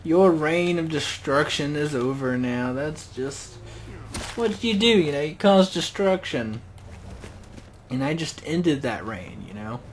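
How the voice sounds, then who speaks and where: A man hosting a let's play, talking through the game in a goofy, excitable way. His voice sits a little higher than most men's, and he keeps up a stream of self-mocking jokes and cheers. A faint hiss runs under it. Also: takes it slowly. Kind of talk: gameplay commentary.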